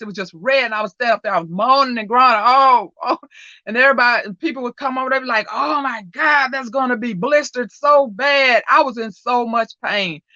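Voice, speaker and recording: A chatty woman hosts a casual livestream and tells stories with plenty of laughter. Her voice is bright and forward. The sound is dry and a little dull. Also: a little high, no room sound. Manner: chatty storyteller who laughs often. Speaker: livestream host.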